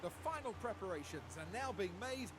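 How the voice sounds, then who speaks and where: A game's race commentator, high-pitched and swooping with animated energy. His delivery is polished and broadcast-ready, opening race day over clearly audible background music. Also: brisk. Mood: hyped. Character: upbeat male TV race commentator.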